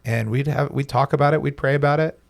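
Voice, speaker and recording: A man's voice: medium pitch, fairly even intonation, fast talker, vocal fry. A man on a podcast telling a personal story with emphasis and quoted dialogue. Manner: storytelling, emphatic, talks with his hands in quotes. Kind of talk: casual podcast conversation.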